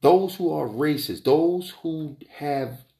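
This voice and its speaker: A man giving a rambling opinion monologue, emphatic and repetitive, wandering off on tangents and climbing high in pitch when he gets heated. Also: slow pace, vocal fry, warm tone. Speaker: entrepreneur vlogger. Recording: roomy echo.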